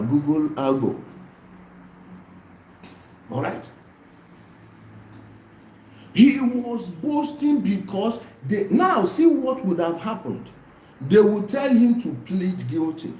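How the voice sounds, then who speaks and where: A Nigerian man hosting a livestream, his voice pitched high and swinging up and down with animated, repetitive emphasis. His tone is dark and mellow. The room is echoey, with a faint hum of ambient noise behind him. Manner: animated, repetitive and pleading, mixing in pidgin. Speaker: YouTube livestream host. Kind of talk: casual livestream commentary.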